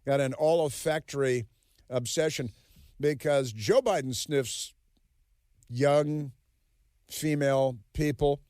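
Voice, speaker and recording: Male radio host, mid pitch, dry close studio sound, sarcastic rambling monologue. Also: slow pace, long pauses, a little mellow, no echo. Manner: sarcastic, mocking, rambling with fillers. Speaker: radio talk show host. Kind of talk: political talk radio monologue.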